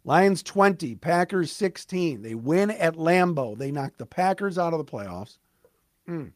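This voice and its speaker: Male sports podcast host, slightly raised pitch, emphatic fan energy, dry close mic. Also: a little slow, no room sound. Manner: animated, emphatic, fan-like commentary with asides. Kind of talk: solo sports talk recap.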